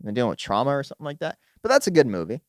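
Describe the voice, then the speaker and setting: Lively, fast-talking young man chatting. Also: mid-range voice, dry recording, clean studio sound. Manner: animated, jokey, acts out movie scenes. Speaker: podcast co-host. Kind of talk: casual chat.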